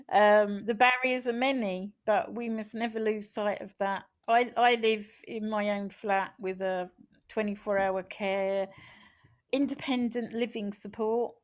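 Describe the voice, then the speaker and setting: A woman activist reading her own poem in a slow, rhythmic recitation, then talking casually, over a video call. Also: medium pitch, fairly even intonation. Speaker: poet and activist.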